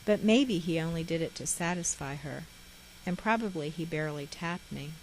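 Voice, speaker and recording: A woman reading her own memoir aloud in a measured, reflective way. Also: sits low, darkish tone, a little hiss or hum, poor audio. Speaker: memoir author.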